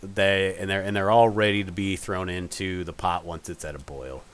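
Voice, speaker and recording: A man's voice: low-pitched, fairly even intonation, normal speed. A man narrating a tabletop game as game master, rambling with many fillers and restarts.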